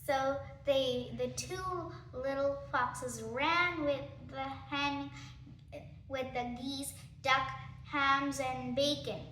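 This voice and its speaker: A female storyteller reading a children's story aloud, halting with restarts and slips, in an echoey room. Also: high voice, fairly even intonation, pushed and bright, slight background noise.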